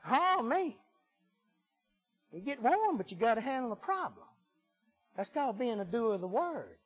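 A man preaching a sermon in a folksy, emphatic way that swings from loud to hushed. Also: very high voice, very animated, moderate pace, pauses often, slightly rough, rough recording.

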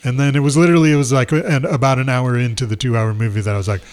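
A man's voice: medium pitch, fairly even intonation, rapid-fire, a little mellow. A man in casual film-podcast chatter, voice sitting right in the middle of the male range. He rambles through his thoughts, doubling back on words and laughing at his own notes. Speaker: podcast co-host.

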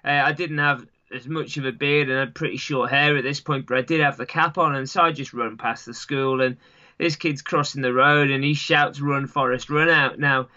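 A man's voice: mid-range voice, fairly even intonation, moderate pace, bright, forceful tone. A man with an English accent, a runner who is the guest, talking casually in an interview and wandering through his thoughts with lots of "sort of" and "you know". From England. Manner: rambling, full of "sort of" and "you know" fillers. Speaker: guest, long-distance runner. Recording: dull lo-fi sound.

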